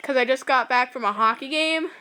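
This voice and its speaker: A woman's voice: high voice, a little fast, sharp tone, low-quality recording. Chatty teenage girl vlogging at home. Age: teens. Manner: chatty, full of "like", giggly asides. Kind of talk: casual rambling vlog. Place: home, indoors. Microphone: camera set on a shelf.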